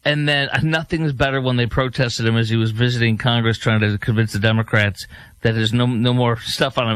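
A man hosting a commentary show, mocking and halting with many fillers. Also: mid-range voice, a bit bright, smooth. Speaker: commentary host. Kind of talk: sarcastic political commentary.

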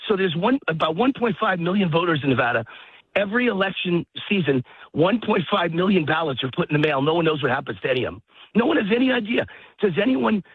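A man's voice: on the high side, expressive, fast talker, slightly rough, no room sound. A man talking heatedly over the phone while out of breath from walking his dog outdoors, ranting with emphatic repetition. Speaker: guest commentator. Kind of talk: phone-in political talk. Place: outdoors in a park. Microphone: phone line. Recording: tinny phone line, dry.

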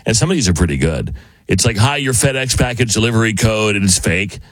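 A man hosting a radio show, chatting casually and reading texts aloud in lively voices. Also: lowish voice, fairly quick, no room sound. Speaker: radio host. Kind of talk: casual on-air chat.

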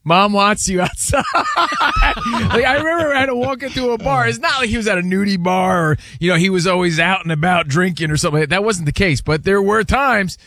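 A man's voice: high voice, slight background noise. A man co-hosting a sports radio show in the studio, bantering loosely and laughing at his own slips. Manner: lively, joking, quick to laugh at himself. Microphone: studio microphone.

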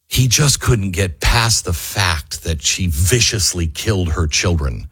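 Husky, impassioned talk radio host. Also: male voice, animated, a little slow, few pauses. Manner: impassioned, ranting, swings from loud to low.

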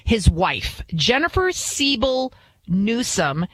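A woman's voice: on the high side, big pitch swings, slow pace, husky, no room sound. Middle-aged lady filling in on talk radio, blunt and scornful, ranting opinion monologue. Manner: blunt, indignant, mocking. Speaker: fill-in radio talk show host.

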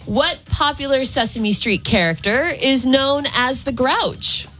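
A woman's voice: sits high, unhurried, over music. A woman co-hosting a morning radio quiz, reading questions with a giggly manner. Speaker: radio co-host.

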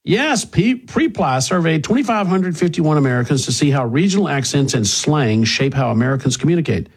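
Husky-voiced radio host, sardonic monologue, hits his points hard. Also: a little high, expressive, brisk. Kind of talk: talk radio monologue and ad read.

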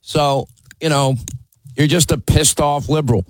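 A man's voice: a little high, unhurried, no room sound, rough recording. Blunt mocking male radio host. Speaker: radio talk show host. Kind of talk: combative call-in radio talk.

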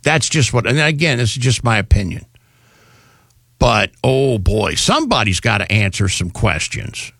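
A man's voice: medium pitch, very animated, normal speed, gravelly, a bit bright, breathy edge, no echo. A male radio talk show host delivering an indignant, rambling, sarcastic opinion monologue on a studio microphone.

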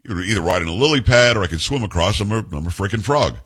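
A man's voice: fairly low pitch, animated, fast, fairly bright tone, husky. A man voicing a wary male frog in a fable, indignant and insistent.

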